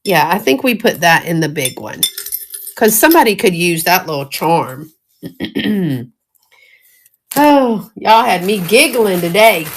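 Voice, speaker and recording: Southern woman, middle-aged, folksy, giggly, unhurried drawl, mid pitch. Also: a little hiss or hum. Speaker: thrift jewelry seller. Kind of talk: casual live-stream chat.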